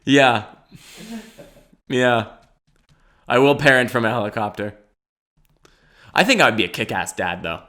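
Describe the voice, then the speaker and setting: A man's voice: mid-range voice, lively intonation, unhurried, long pauses, pushed and bright. A man in his twenties hosting a solo podcast, talking in a rambling, jokey way, often laughing and swearing casually. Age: 20s. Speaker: podcast host. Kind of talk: solo comedic podcast monologue.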